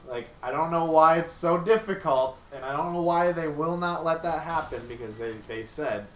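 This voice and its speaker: A young man hosting a casual podcast chat, enthusiastic and rambling, quick to laugh. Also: medium pitch. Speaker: podcast host. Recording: echoey room mic from a distance with faint noise.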